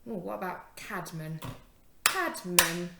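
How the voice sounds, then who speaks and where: A young woman teacher giving a phonics lesson to young children, encouraging and sounding out words slowly. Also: on the low side, gravelly, roomy sound, very noisy.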